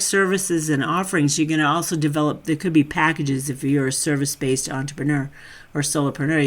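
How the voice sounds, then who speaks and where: A woman's voice: low-pitched, fairly bright tone. A woman teaching a casual webinar as a branding coach, with a loose, conversational delivery and a direct, emphatic coaching tone. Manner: chatty, loose and conversational, thinking aloud.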